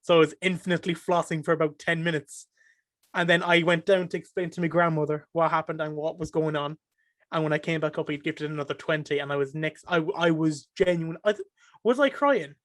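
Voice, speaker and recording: A young Irish man chatting as a podcast guest, emotional and excitable, breaking into animated bursts. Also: a little high, fairly quick, no echo. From Ireland. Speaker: podcast guest, streamer and caster. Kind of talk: casual podcast chat.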